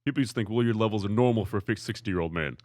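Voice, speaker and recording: A male podcast host with a low voice gives blunt, matter-of-fact advice. He talks casually. The sound is dry and close. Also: rapid-fire, darkish tone, dry recording. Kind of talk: casual chat.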